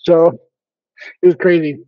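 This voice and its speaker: A man, a former missionary, telling stories as a podcast guest in a casual, halting way, with frequent ums and restarts. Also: fairly high pitch, fairly even intonation, no room sound. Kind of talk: casual interview storytelling. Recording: dull, dry lo-fi sound.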